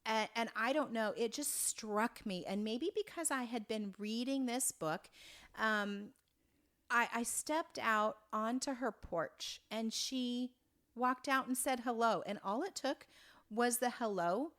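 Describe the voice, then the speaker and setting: A woman in her fifties from Oregon, a podcast guest telling a story in an earnest, halting way with many restarts. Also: on the high side, fairly bright tone. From Oregon, USA. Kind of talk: conversational storytelling.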